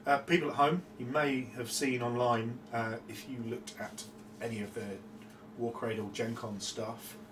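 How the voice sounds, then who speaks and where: A man's voice: mid-range voice, fairly even intonation, moderate pace. Chatty man, distant and roomy. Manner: chatty, jokey, explains lore at length. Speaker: tabletop wargame player. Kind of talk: casual chat during a game. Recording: roomy distant mic with background noise.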